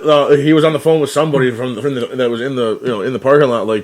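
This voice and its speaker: A man's voice: mid-range voice, steady tone, very fast. A man co-hosting a casual podcast, telling a story with lots of swearing and laughter. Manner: profane, laughing, loose storytelling. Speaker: podcast co-host. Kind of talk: casual chat.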